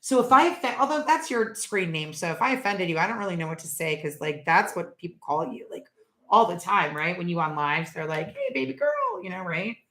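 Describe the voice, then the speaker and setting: A woman's voice: on the low side, lively intonation, a little fast, a bit bright, echoey room. A middle-aged woman hosting a casual live stream, chatting and rambling and laughing at viewers' jokes.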